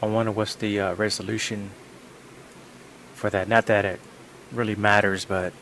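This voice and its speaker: A man's voice: lowish voice, little pitch movement, normal speed, a bit bright, slight background noise. A man chatting casually on a live stream from his home gaming setup into a desk microphone, rambling and repeating phrases over and over.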